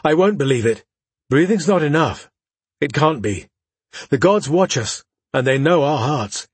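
A squeaky, timid chamberlain, chubby and anxious, stammering out apologies, as a male narrator puts him on. The voice sits high and rises a little louder than the reader's own, and the recording is dry and close. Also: animated, measured pace, breathy edge, dry recording. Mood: earnest. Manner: stuttering, pleading.

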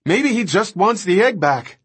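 A man reading an audiobook, voicing a terrified man who screams in a high voice. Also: big pitch swings, measured pace, breathy edge, full character voice. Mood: nervous. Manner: shrill, screaming. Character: panicky frightened man in a jeep.

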